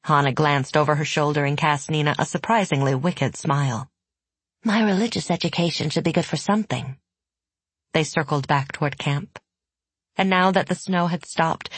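A woman narrating an audiobook in a measured, even storytelling manner, recorded close to the mic. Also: low-pitched, dry recording. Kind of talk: scripted narration.

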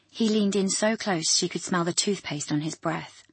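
A woman reading an audiobook in a measured, even storytelling manner. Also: low-pitched, breathy edge, dry recording. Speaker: narrator. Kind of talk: audiobook narration.

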